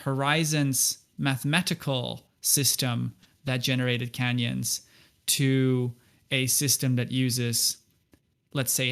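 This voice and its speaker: A man's voice: medium pitch, vocal fry, fairly bright tone. A man talking as a guest on a podcast. He speaks earnestly in a casual conversational way and often stumbles and repeats words as he restarts.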